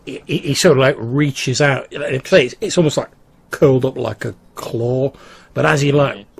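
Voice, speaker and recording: A man running a tabletop game, his voice slightly gravelly. He narrates haltingly, stacking fillers and restarts as he describes each scene. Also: mid-range voice. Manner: hesitant, many fillers. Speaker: game master.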